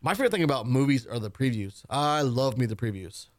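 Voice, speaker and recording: Deadpan teasing radio host, a man. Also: mid-range voice, fast talker, no room sound. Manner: teasing, deadpan one-liners. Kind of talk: casual banter on a radio show. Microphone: studio mic.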